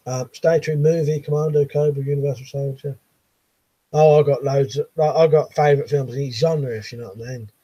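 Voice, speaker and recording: A man's voice: medium pitch, steady tone, fairly quick, dark tone, slightly rough, no room sound, lo-fi sound. An English man in his late thirties hosting a casual live chat from his bedroom, reading viewers' messages with easy, chuckling banter. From England. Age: 30s. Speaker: livestream host reading chat.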